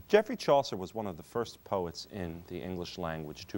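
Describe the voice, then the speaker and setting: Lively low-voiced male teacher. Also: normal speed. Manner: explanatory, stresses key terms with lively rises in pitch. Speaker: English teacher. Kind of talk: classroom lecture on poetry.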